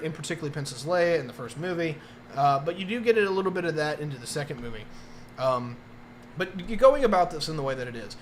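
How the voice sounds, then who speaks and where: A man's voice: a little high, fairly bright tone, slight background noise. Rambling man streaming a review. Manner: rambling, many fillers and restarts. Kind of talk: casual live-stream review.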